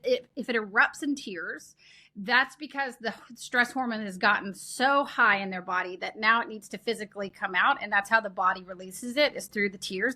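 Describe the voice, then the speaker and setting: A woman explaining child development in a conversational interview, earnest and animated, acting out what parents say. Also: mid-range voice.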